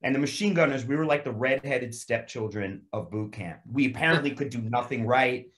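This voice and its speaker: A man, an actor guest, telling an animated, profane anecdote over a video call. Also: mid-range voice, brisk. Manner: profane, lively storyteller.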